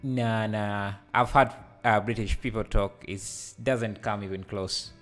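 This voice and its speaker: Man, live tutorial host, unhurried, halting with fillers, headset mic, soft music underneath. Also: fairly low pitch, fairly even intonation. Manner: hesitant, many fillers and restarts; laughs easily while reading chat. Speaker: livestreaming 3D tutor.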